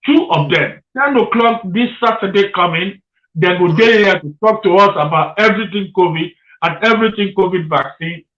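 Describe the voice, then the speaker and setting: Brief: male radio host, Nigerian Pidgin accent, high and bright, animated, roomy lo-fi sound. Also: moderate pace. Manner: animated, laughs as he speaks. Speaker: radio talk show host. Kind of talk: radio interview.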